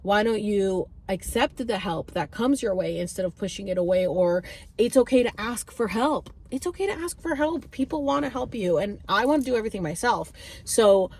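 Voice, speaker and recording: A young woman vlogs to camera about her own experience in loose, chatty talk. Her speech is packed with "like" and restarts, and she breaks into high squeals and cries as she acts out her own past voice. Her pitch sits in the middle of the female range. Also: moderate pace, darkish tone, husky. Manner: heavy use of "like" and filler restarts. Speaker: vlogger and spiritual reader. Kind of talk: casual storytelling to camera.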